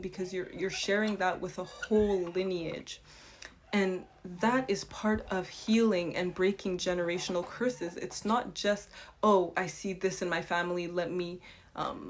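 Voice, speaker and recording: A young woman speaking in an earnest, reflective monologue, building rhythmic lists of repeated phrases. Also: mid-range voice. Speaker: host.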